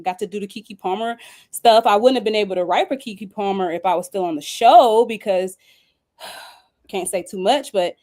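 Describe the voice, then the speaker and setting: A young woman, a singer and songwriter, telling a story in a casual interview, animated and laughing often. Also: medium pitch. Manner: animated, squeals when acting out quoted dialogue.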